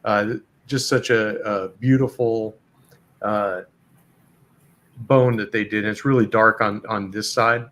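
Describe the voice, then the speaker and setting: A man's voice: fairly low pitch, steady tone, takes it slowly, a bit bright. A man hosting a casual live chat, easygoing and hesitant with lots of fillers. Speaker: host.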